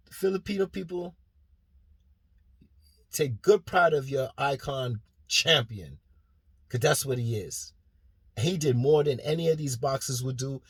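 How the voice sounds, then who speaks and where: Fired up guy vlogging about boxing, husky voice a bit high, dry close sound, swears a lot. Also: no echo. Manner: passionate, rambling, swears freely. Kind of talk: casual fan commentary vlog.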